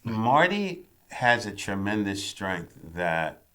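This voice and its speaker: A man's voice: on the low side, big pitch swings, slow, fairly bright tone. A man, a screenwriter, speaking frankly and bluntly in a casual interview, swearing now and then.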